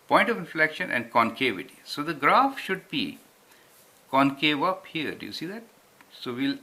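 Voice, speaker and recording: A man's voice: mid-range voice, bright, forceful tone. A man tutoring calculus step by step, patiently checking understanding with frequent tag questions. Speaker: math tutor. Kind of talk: explaining at a whiteboard.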